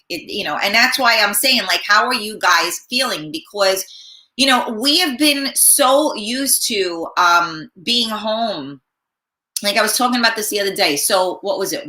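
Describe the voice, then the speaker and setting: Middle-aged woman host, bright edgy voice gone hoarse, salty and rambling, echoey room. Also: medium pitch. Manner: blunt and profane, rambling. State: hoarse, clearing her throat. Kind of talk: casual chat.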